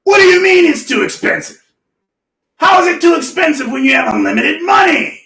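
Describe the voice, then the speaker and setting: A man imitating his blunt, impatient male mentor, loudly scolding in a shouting voice. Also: very high voice, very animated, fairly quick, echoey room, far from the mic, pitched above the performer's own voice, exaggerated voice. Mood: exasperated.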